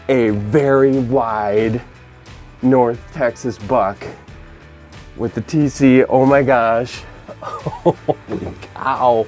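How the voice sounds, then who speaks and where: Out in the field, a male hunting host lets out loud, breathless exclamations. He speaks in an unhurried, drawn-out way between bursts, with faint music laid under the clip. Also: mid-range voice. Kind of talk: live field reactions.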